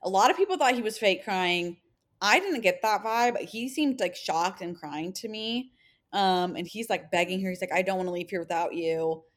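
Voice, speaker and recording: A woman's voice: medium pitch, normal speed. A young woman in her twenties co-hosting a podcast, chatting casually and acting out quotes with lots of fillers. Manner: animated retelling, acts out quotes, many "like" fillers. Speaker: podcast co-host. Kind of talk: casual chat recapping a reality show.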